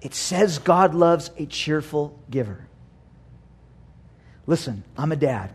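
A man with a high voice preaching a sermon to his church. He acts out quotes and swings between loud and hushed lines. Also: lively intonation, takes it slowly, slightly rough. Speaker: pastor.

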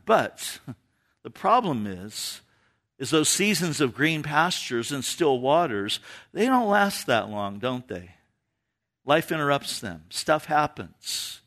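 Lively, bright-voiced male pastor preaching. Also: takes it slowly. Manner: animated preaching, drops low for emphasis. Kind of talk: sermon.

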